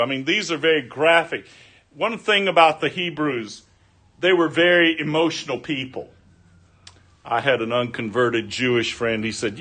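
An older pastor preaching a sermon, slow and earnest, rising to loud cries and sinking to near whispers. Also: male voice, fairly high pitch.

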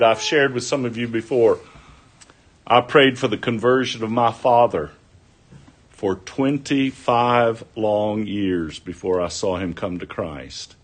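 Slow-preaching older man. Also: medium pitch, husky. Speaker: pastor. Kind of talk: sermon.

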